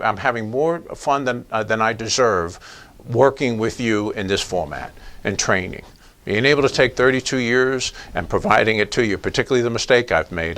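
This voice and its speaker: An older man who is a police trainer, giving a training lecture to agency leaders with emphatic, rhetorical delivery. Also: mid-range voice. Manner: emphatic, animated, asks rhetorical questions.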